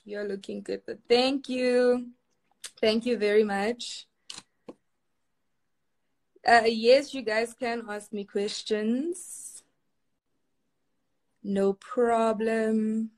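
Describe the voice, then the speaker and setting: A woman's voice: on the high side, fairly even intonation, extremely slow, pauses often. A young woman from Kenya chatting casually on a live stream, reading viewers' comments aloud and laughing often.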